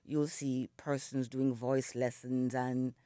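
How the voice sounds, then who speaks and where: A woman's voice: extremely low pitch, flat delivery, slow, warm tone, clear, resonant tone, no echo, clean studio sound. A middle-aged Jamaican woman, a singer, speaking reflectively in a radio interview, still in her morning voice and dotting her speech with "you know". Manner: reflective, storytelling, many "you know" fillers. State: morning voice, not yet warmed up. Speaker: singer and guest. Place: radio studio.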